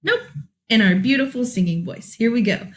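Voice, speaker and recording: High-voiced upbeat woman music teacher. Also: expressive, normal speed. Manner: upbeat, praising, gently instructive. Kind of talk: children's music lesson.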